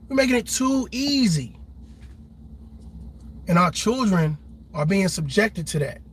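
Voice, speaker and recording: A man delivers fired-up reaction commentary straight to his viewers, preaching and acting out the people he quotes. His voice sits high and bright, with a husky, breathy edge. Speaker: commentary host.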